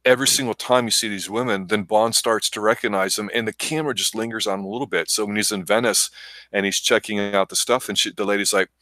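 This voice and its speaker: A man co-hosting a casual film review chat, rambling with enthusiasm and slipping into quick impressions. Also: fairly low pitch, fairly even intonation, pushed and bright, no echo. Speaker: movie review show co-host.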